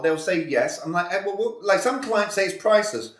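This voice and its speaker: A man's voice: sits high, expressive, fairly quick, hardly any pauses, fairly bright tone, reverberant. A male communication coach giving a live online sales training, talking energetically and with emphasis, acting out sales dialogues.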